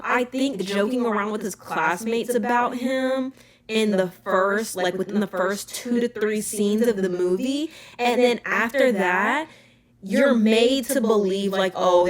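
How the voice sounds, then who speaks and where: A young woman hosting a podcast, talking casually in an emphatic, animated rant. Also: mid-range voice. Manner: animated, emphatic ranting with frequent "okay?" asides. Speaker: podcast host. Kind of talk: casual chat.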